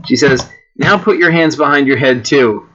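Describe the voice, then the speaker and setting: Over soft background music, a maker of homemade games reads his generated stories in a loose, chatty manner, pausing for asides and fillers. He has a mid-range voice at normal speed with a bright, forceful tone, though the audio sounds somewhat dull and lo-fi.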